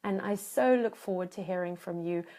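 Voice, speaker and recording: A woman voicing a worried, loving wife leaving a soft voicemail. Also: on the low side, moderate pace, natural voice. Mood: tender. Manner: soft, tender.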